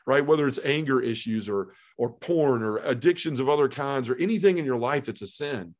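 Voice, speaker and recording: A middle-aged man earnestly telling his personal testimony in conversation, acting out the voices he quotes and dropping to a hush at emotional moments. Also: medium pitch, lively intonation, a little fast, few pauses.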